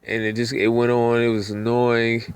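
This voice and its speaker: A man's voice: mid-range voice, monotone, moderate pace, clean tone. A young man and rideshare driver telling a story in a laid-back, casual way, often repeating filler phrases. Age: young adult.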